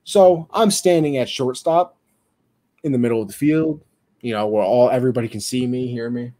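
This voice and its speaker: A young man co-hosting a casual sports chat, telling animated stories and acting out the people in them. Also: medium pitch, moderate pace. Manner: animated storyteller, acts out quotes. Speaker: podcast co-host.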